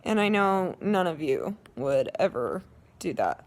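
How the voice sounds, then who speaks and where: A woman's voice: fairly low pitch, big pitch swings, a little slow. A young woman vlogging an emotional rant to her viewers, rambling with many restarts and growing insistent.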